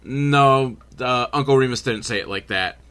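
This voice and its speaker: A man's voice: medium pitch, a little fast, a bit bright. A man giving a sarcastic, profane comedic film recap, full of rambling asides. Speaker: comedy reviewer.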